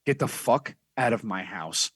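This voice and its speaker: A man's voice: lowish voice, animated, measured pace, breathy edge, no echo. A man telling a brash, profane story as a guest on a casual podcast.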